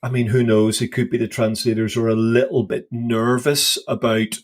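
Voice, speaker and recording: A man with an ordinary mid-pitched voice co-hosts a podcast conversation. He speaks earnestly, warmly enthusiastic about the passage he discusses. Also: level tone, normal speed. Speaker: podcast co-host.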